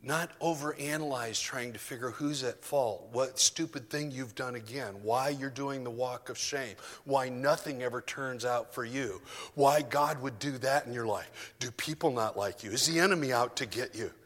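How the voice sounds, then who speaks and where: A man preaches a sermon in a bright, forceful voice, telling his story and then building to emphatic declarations. His words ring with long reverb through a church hall. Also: medium pitch, normal speed.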